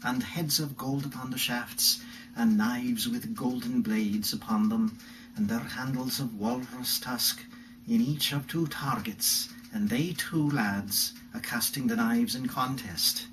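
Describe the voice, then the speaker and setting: A man's voice: medium pitch, slow pace, a bit bright, recorded from a distance, a little hiss or hum, low-quality recording. A man reading a medieval tale in a put-on Welsh accent, reciting long descriptive lists in a rhythmic, ornate way. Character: medieval Welsh storyteller man recounting an adventure.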